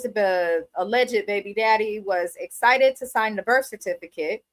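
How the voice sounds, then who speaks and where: A woman giving blunt, opinionated, profane commentary while reviewing a reality TV episode. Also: medium pitch. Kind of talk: casual commentary.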